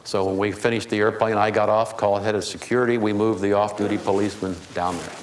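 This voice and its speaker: A man's voice: lowish voice, level tone, fast. A man giving a speech to an audience, telling humorous anecdotes in a storytelling way. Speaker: keynote speaker. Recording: echoey hall with faint noise.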